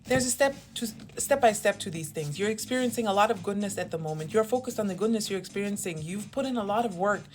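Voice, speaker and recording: A woman's voice: mid-range voice, animated, quick pace, hardly any pauses, faint music behind. A young woman chatting casually through a tarot reading in a rambling, self-mocking way. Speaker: tarot reader.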